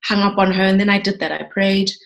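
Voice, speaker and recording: A woman's voice: medium pitch, fast, gravelly. A woman in her thirties, a sports broadcaster, telling her story in an interview with feeling and many repeated words. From South Africa. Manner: emotional, animated, repeats words when moved.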